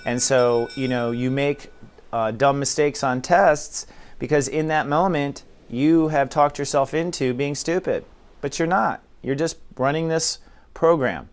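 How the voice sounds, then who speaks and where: A man's voice: medium pitch, measured pace, clear, resonant tone. A man acting as spiritual teacher, talking casually and acting out inner dialogues in quoted voices. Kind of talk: casual spiritual talk to camera.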